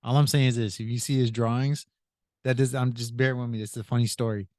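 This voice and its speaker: A male podcast host spins a rambling story, looping back with "I said" and chuckling along the way. His voice sits at a middle pitch, and the recording is dry and close. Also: steady tone, a little fast, a little mellow, no room sound. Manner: retells with many "I said", laughs often. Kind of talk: casual storytelling.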